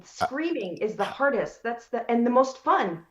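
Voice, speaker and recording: Playful woman cohost, kinda high voice, bouncy. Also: big pitch swings, a little slow, lo-fi sound. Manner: playful, teasing. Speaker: podcast co-host. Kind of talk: casual podcast chat.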